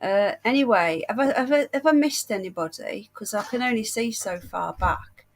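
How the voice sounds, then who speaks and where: A woman's voice: mid-range voice, lively intonation, moderate pace. A British woman hosting a casual livestream chat, unwell and short of breath, chatty and affectionate with viewers. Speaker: livestream host.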